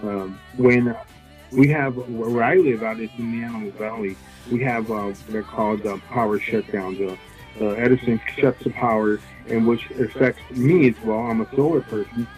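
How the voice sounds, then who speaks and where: A man working as a solar sales representative, explaining his offers in casual interview talk, halting with many fillers and restarts. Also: medium pitch, steady tone, darkish tone, faint music behind, low-quality recording.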